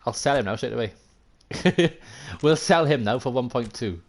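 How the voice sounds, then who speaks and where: With a mid-range, expressive voice at a moderate pace, a man from Wales thinks out loud over a live-streamed football management game. He keeps it casual and self-deprecating while chatting to viewers.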